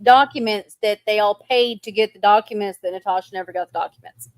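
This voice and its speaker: A woman's voice: medium pitch, brisk, dry recording. A woman co-hosting a livestream, explaining events in long run-on sentences. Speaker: livestream co-host. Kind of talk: casual livestream chat.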